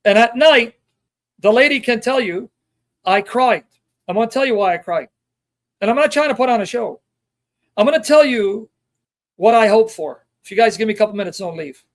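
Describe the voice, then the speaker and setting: A man recounting a debate in an emotional personal reflection, impassioned and repetitive, dropping from loud emphasis to hushed near-whispers and acting out quoted dialogue in his own voice. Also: high voice, normal speed, long pauses. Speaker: Christian apologist recounting a debate.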